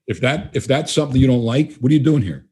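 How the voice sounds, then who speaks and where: A man's voice: mid-range voice, lively intonation, fast talker, a little mellow, slightly rough. A man guesting on an interview, talking bluntly and emphatically and acting out bits of dialogue. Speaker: guest trainer. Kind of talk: casual interview talk.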